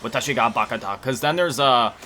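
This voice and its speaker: A gaming video creator chats casually while playing, rambling, correcting himself often, and mixing in lots of fillers and self-mocking chuckles. His medium-pitched voice is a little fast with a sharp tone. Soft music plays in the background.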